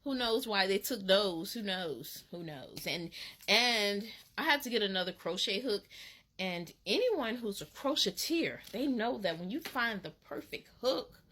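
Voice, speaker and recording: A woman from Alabama, telling a casual storytime in an animated, dramatic way with laughs. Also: medium pitch, a little slow. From Alabama, USA. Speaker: vlogger.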